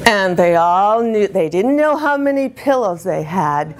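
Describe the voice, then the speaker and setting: A woman's voice: mid-range voice, lively intonation, a little slow, few pauses, a little hiss or hum. A woman over sixty giving a comic talk to a live audience, telling self-mocking stories and laughing along. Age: older. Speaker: speaker performing a comic character talk.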